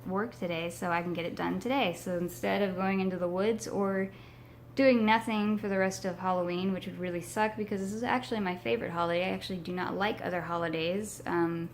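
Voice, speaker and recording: A young woman from Texas chatting casually to her viewers, her voice hoarse from a sinus infection, rambling with many ums. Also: lowish voice, steady tone, a little fast, slight background noise. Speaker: paranormal vlogger. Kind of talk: casual vlog chat to camera.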